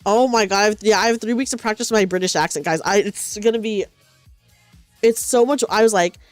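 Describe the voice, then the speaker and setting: A woman's voice: mid-range voice, brisk, dry recording, soft background music. Woman streamer, sleepy, rambling chat, very dry sound. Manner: rambling, self-correcting, chatty. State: sleepy, low energy. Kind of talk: casual chat while knitting. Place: at home on a couch.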